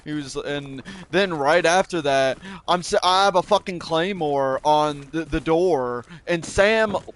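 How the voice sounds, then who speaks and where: A man's voice: fairly high pitch, a little slow. A man telling a casual, rambling story about a game match, swearing often and restarting sentences. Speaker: gaming video creator.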